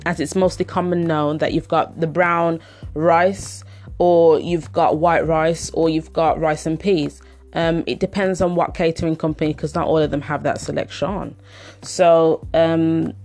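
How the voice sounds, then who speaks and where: A chatty woman telling a casual personal story, rambling along with plenty of "um"s. Her speaking voice sits fairly low, and soft music plays faintly behind her. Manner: chatty, rambling, lots of fillers.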